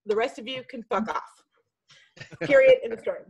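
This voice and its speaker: A middle-aged woman telling a story in casual chat, animated and swearing freely. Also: on the high side, brisk, slightly rough, poor audio. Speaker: podcast guest. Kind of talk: casual storytelling on a group video call.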